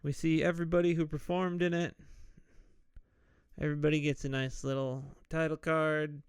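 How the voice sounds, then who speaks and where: A man hosting a podcast, slowly and casually retelling a movie's plot with jokey asides. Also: fairly high pitch, flat delivery, smooth, dry recording, studio quality. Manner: slow, laid-back retelling with jokey asides and mock quoted voices. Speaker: podcast host. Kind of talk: casual solo movie recap.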